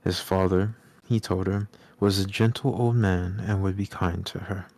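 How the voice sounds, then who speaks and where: Calm guy reading a storybook on stream, lowish voice, super dry audio. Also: moderate pace, dry recording. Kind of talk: storybook read-aloud.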